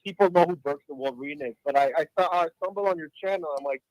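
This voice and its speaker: A man's voice: on the high side, quick pace, darkish tone, dry recording, low-quality recording. A man from the greater Chicago area calling into a show, chatting casually and hesitantly with many fillers. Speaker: caller. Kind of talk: casual call-in chat.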